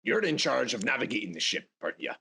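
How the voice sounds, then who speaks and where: A man's voice: mid-range voice, big pitch swings, fast, vocal fry, pushed and bright, breathy edge, voice pushed up, full character voice. A man voicing a grumpy, bossy male dwarf sailor who huffs and barks orders in a tabletop game. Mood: impatient. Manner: huffing, impatient, barking orders.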